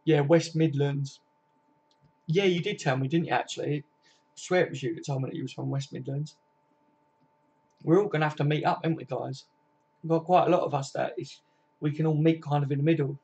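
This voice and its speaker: A man's voice: fairly high pitch, steady tone, brisk, pauses often, darkish tone, slightly rough. Matey man on a lo-fi stream. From Kent, England. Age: 20s. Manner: laid-back, matey, swears freely, chats to viewers by name. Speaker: football fan live streamer. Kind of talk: casual live-stream chat reading viewer comments. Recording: dull lo-fi stream audio.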